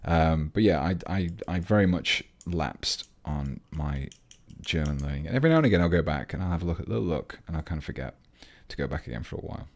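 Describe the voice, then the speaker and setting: A man's voice: a bass voice, lively intonation, fast, hardly any pauses. An English man hosting a hobby livestream, chatting casually and rambling as he reads out viewer messages while he works on a model. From England. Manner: chatty, rambling, reads chat aloud mid-task.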